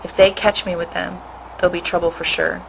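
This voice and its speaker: A gentle young soldier boy speaks softly and earnestly, as a woman reads him aloud from a storybook. The voice sits fairly low, with a faint hum behind it. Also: little pitch movement, fairly quick, vocal fry, low-quality recording. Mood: urgent.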